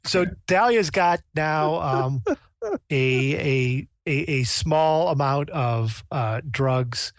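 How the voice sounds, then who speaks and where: A game master narrating a tabletop session in a mid-pitched voice, dry and close to the mic. The delivery is casual and quick between bits of play. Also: expressive, no echo.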